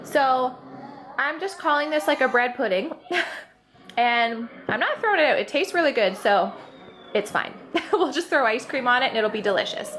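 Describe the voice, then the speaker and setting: A young stay-at-home mom vlogs casually from home, chatting to her kids, laughing a lot and sighing now and then. Her high-pitched voice is animated and a bit bright, at normal speed.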